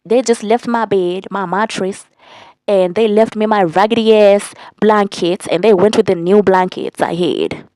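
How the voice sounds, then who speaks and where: A young woman telling a storytime vlog in a casual, animated way, cursing and repeating lines for emphasis. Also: medium pitch, unhurried, no room sound. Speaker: vlogger.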